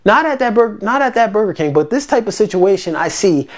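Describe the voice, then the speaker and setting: A parent casually telling a personal story to camera, animated and exasperated, acting out the quoted lines with big jumps in pitch. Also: brisk. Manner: exasperated, recounting a grievance.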